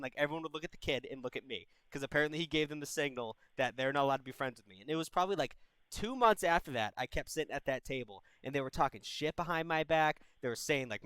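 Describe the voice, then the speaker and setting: A young man hosts a call-in advice stream, talking bluntly and with plenty of swearing, like an older brother. His voice is bright and smooth, a little high for a man. The recording is dry and close. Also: no room sound, poor audio. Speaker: advice show host. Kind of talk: casual advice chat.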